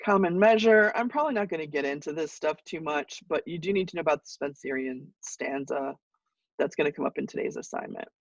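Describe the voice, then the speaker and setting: A fairly high-pitched man lecturing to a class, easygoing and loose, with plenty of ums and restarts. He sounds set back from the mic, and the sound is muffled and dull. The room is dry. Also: brisk, gravelly, no echo, recorded from a distance. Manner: relaxed explaining with fillers and restarts. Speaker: college English teacher.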